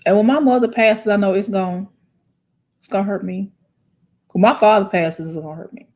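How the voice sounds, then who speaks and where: Animated woman chatting to viewers. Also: mid-range voice. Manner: animated, preachy, talks straight to viewers; emotional, tearful, halting. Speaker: host. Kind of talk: casual livestream chat.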